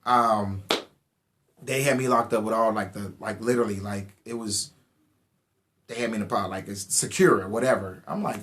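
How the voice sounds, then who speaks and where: A young man, giving a casual and animated personal testimony and acting out the dialogue. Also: lowish voice, moderate pace. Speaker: testimony speaker.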